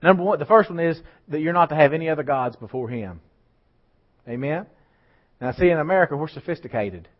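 A man's voice: fairly high pitch, lively intonation, brisk. A man preaching a sermon, building emphasis and throwing asides to the congregation. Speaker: pastor. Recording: slightly dull lo-fi church recording.

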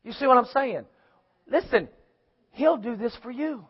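A man's voice: very high-pitched, expressive, a little slow, breathy edge, dull audio. A man preaching a sermon in church, emphatic, calling out to the congregation for answers. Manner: emphatic preaching with call-and-response.

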